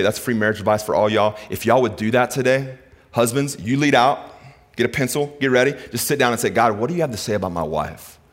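A middle-aged man preaching a sermon, telling stories and moving from hushed lines to emphatic ones. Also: fairly low pitch. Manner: storytelling, swings from hushed to emphatic. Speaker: pastor.

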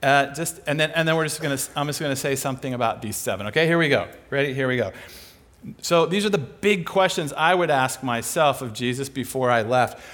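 A man preaching a sermon in an animated, conversational way, asking and answering his own rhetorical questions. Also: medium pitch, brisk.

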